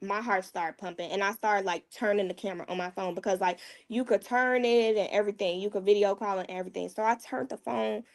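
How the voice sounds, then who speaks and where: A woman's voice: mid-range voice, fairly even intonation, a little fast, vocal fry, few pauses. Candid mother telling a hard story. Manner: candid, casual, often dropping to a hushed tone. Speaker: guest, mother. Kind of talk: emotional personal storytelling.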